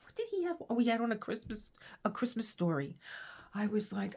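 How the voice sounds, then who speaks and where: A woman's voice: on the high side, sing-song, a little fast, gravelly, darkish tone. A woman vlogger in casual chat, rambling and laughing as she reads aloud and tells stories. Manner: rambling, chatty, laughs often. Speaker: crafting vlogger.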